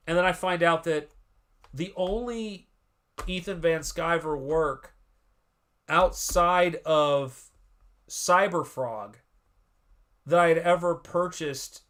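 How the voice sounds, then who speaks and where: A man hosting a live stream, chatting casually in a rambling, animated way and often cutting himself off. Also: a little high. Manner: rambling, animated, self-interrupting. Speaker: livestream host and artist.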